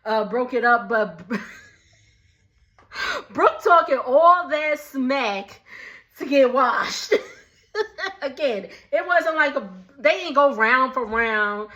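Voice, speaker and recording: Bright, high-voiced woman laughing through a recap. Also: expressive, takes it slowly, long pauses. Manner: laughs often, loose slangy retelling. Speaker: reality TV recap host. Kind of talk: casual recap chat.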